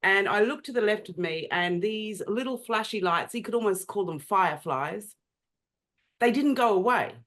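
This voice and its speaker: A woman interviewing a guest, telling a personal story in a chatty, animated way. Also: medium pitch, moderate pace. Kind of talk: conversational interview.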